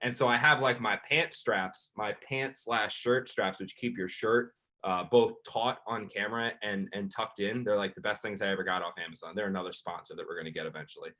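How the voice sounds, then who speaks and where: A man co-hosting a sports podcast, telling a long story in an animated, rambling way, with lots of "like". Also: on the low side, brisk. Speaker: podcast co-host and sports reporter. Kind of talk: casual chat, storytelling.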